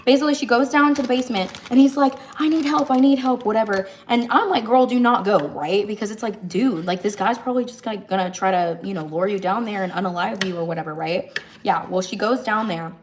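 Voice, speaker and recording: A woman talks casually on a livestream as she cooks, running through the plot of a movie. She narrates with animated energy and slips in and out of the characters' voices as she goes. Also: mid-range voice, quick pace, a little hiss or hum. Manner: animated storytelling, jumps between narrating and acting out lines. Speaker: livestream host. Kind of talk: casual chat retelling a movie while cooking.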